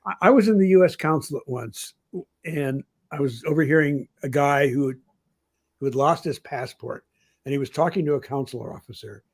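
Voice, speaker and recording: A man's voice: a little high, fairly quick. An older man, a journalism professor, telling rambling anecdotes in an interview, full of "I mean" and "you know.". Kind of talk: anecdotal conversation.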